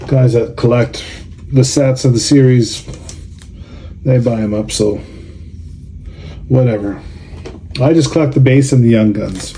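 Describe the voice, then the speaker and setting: A middle-aged man talks slowly through a casual vlog, grumbling with a sarcastic edge. His voice is very dark and mellow, unhurried, sitting at an ordinary pitch for a man. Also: slight background noise. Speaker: card collector and show organizer. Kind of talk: casual vlog, opening cards.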